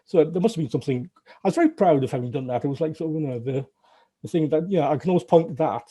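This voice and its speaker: Looking back on his days as a games programmer, this middle-aged Northern English guest rambles loosely through a casual interview, rapid-fire and with lively intonation. His voice is dark, mellow and slightly husky, pitched a touch high for a man, and his jokes tend to be at his own expense.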